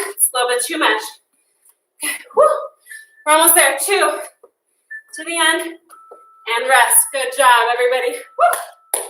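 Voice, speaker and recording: A woman's voice: high-pitched, sharp tone, slight background noise. A woman fitness instructor, leading a workout class casually and encouragingly while out of breath. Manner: encouraging, casual, counts down reps. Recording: echoey room, mic at a distance.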